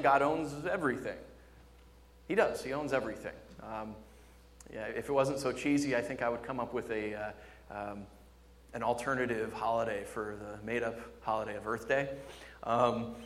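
A man preaching a sermon, jumping from loud, excited exclamations to quiet, low emphasis. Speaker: pastor. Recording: long hall reverb.

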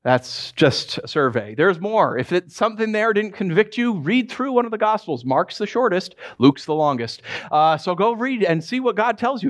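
A man, a pastor preaching a sermon with humorous asides and a conversational, animated delivery. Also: sits high, moderate pace, hardly any pauses.

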